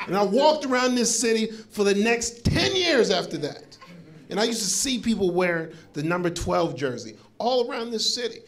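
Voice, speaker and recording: A male stand-up comedian from Florida telling a story on stage, acting out what people said, with laughing asides. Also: high-pitched. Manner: animated storytelling with acted-out quotes and laughing asides. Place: comedy club stage before a live audience. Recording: live club recording with crowd laughter. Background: audience laughter.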